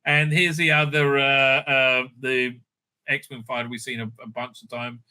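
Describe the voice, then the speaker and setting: A man's voice: mid-range voice, little pitch movement, a little slow, sharp tone, clear, resonant tone. A man recapping and reviewing a TV episode in a rambling, profane and sarcastic way. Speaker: show reviewer.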